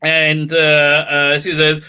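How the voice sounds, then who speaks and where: A man with a high, very bright voice recaps an episode in a casual review. He rants sarcastically and animatedly, and he breaks into laughter often. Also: completely flat delivery, takes it slowly, clear, resonant tone. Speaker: video reviewer.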